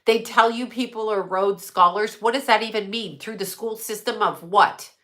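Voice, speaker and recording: At medium pitch and normal speed, this host speaks with fairly even intonation and a fairly bright tone. She's streaming casually from her desk microphone, rambling in a conspiratorial manner, swearing, and answering chat as she goes.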